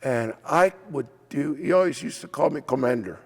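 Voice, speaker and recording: An older man, a former legislator and state official, telling anecdotes in an oral history interview with a gravelly voice. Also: mid-range voice, moderate pace. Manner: animated anecdotes with acted quotes and laughs. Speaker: former legislator and assistant insurance commissioner. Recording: hall reverb.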